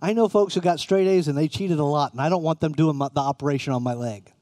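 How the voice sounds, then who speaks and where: Man, middle-aged, high voice, dry sound, conversational sermon, questions to the congregation. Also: fast, a little mellow, dry recording. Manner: conversational, asks the room questions. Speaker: preacher.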